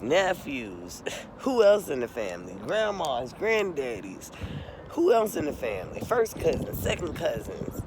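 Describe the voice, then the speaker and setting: A woman's voice: low-pitched, background noise. A middle-aged woman vlogging an emotional, tearful testimony, impassioned and profane, calling her viewers "y'all" again and again.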